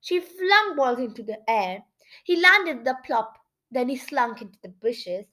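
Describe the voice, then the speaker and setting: A woman reading a children's storybook aloud, expressive, with chatty asides to listeners. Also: a little high, a little slow, poor audio. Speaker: audiobook reader.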